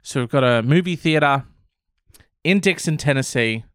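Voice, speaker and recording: Sarcastic man with a smooth voice. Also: medium pitch, expressive, moderate pace, no room sound, studio quality. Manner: sarcastic, swears, laughs often. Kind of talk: casual news commentary.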